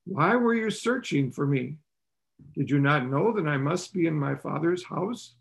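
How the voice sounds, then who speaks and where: Gravelly-voiced man giving a sermon. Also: animated, unhurried. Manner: conversational, with rhetorical questions and light laughs; voices the characters' lines with rising pitch. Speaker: preacher.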